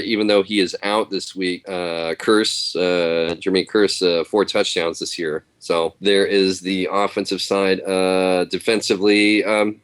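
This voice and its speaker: Very deep-voiced man reading stats. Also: clean tone. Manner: steady, reading off numbers with fillers. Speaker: podcast panelist reading stats. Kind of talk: casual chat.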